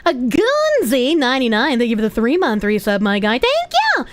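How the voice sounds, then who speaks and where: A young woman livestreaming casually, giggly and loud, swearing freely as she reads chat aloud. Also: a little high, big pitch swings, brisk, a little hiss or hum. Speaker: streamer.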